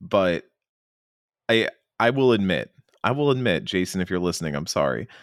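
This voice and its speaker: Brief: podcast host, man, very low voice, excited, dry close mic. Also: moderate pace, no echo. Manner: enthusiastic, animated, often mimics characters. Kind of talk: casual game discussion podcast.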